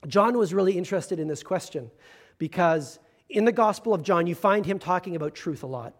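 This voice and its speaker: A man, a pastor, giving a conversational sermon with self-deprecating humor and slow, emphatic stresses. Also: sits high, expressive.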